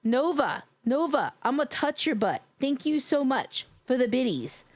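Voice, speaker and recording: A woman streamer talks over her game in a bright, bouncing voice that rises and falls a lot. She rambles, loses her train of thought, swears casually and keeps thanking her viewers. The sound is dry and close. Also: sits high, very animated, a little slow, no room sound. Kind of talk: casual live gameplay chat.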